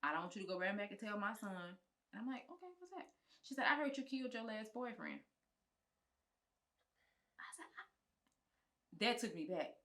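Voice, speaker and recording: Woman guest, very bright tone, animated casual storytelling, acts out the voices of others, frank and swearing. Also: medium pitch, brisk, pauses often. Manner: colloquial, frank speech with swearing. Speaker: guest, film producer and writer.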